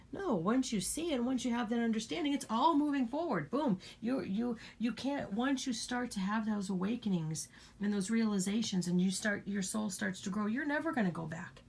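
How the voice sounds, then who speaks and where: A woman's voice: a little high, lively intonation, moderate pace, vocal fry, a little mellow, slight background noise. A woman giving an earnest, blunt spiritual talk to her viewers, repeating her points and swearing freely. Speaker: spiritual channel host.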